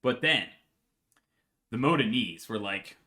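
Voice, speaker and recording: Profane, animated comedic storyteller man. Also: medium pitch, slow pace, background noise. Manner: profane, rambling, laughs often, checks in with "right?". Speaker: podcast host.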